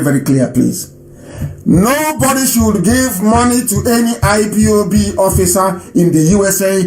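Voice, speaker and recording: A man from Nigeria hosting a live radio broadcast and taking calls, speaking emphatically and repeating phrases for stress. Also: sits high. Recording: roomy echo.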